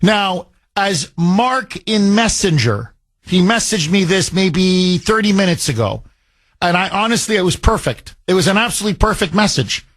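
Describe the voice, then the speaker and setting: A man's voice: sits high, lively intonation, normal speed, a bit bright. A man hosting a talk radio show, delivering an indignant monologue full of rhetorical questions.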